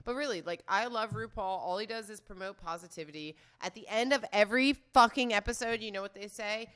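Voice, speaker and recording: A young woman hosting a casual livestream, loud and laughing, swearing often as she chats to her viewers. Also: mid-range voice, fairly quick, smooth. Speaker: livestream host.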